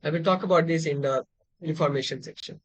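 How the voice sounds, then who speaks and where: A man's voice: a little high, quick pace, no echo, dull audio. A man teaching a literature lecture, explaining terms step by step with frequent fillers and restarts. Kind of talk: exam-prep lecture.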